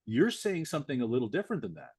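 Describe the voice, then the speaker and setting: Husky-voiced male podcast host. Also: fairly high pitch, sing-song, rapid-fire, darkish tone, dry recording, studio quality. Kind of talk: podcast interview.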